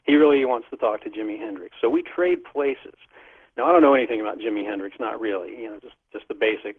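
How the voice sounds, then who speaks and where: A man's voice: on the low side, fast talker, slightly rough. Man telling a story over the phone. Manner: animated, laughs often. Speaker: guest storyteller. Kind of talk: casual storytelling. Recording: tinny phone line.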